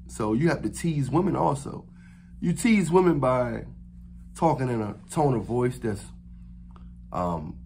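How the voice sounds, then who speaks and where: A man of middle pitch delivers an unscripted monologue to his camera, loose and rambling, full of fillers and restarts. His phrasing is slangy and conversational. A faint hiss sits behind his voice. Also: a little mellow. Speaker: vlogger giving dating advice.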